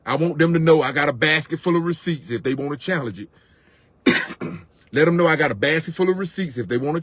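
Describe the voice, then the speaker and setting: A man's voice: a little high, a bit bright, husky, dry recording. A middle-aged man, venting on camera in an impassioned, repetitive rant to his viewers. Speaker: vlogger.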